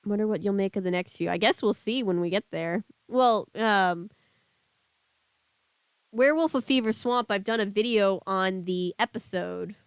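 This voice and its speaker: A woman's voice: mid-range voice, moderate pace, smooth, no echo. A woman streamer reading a book aloud and chatting casually with her live chat.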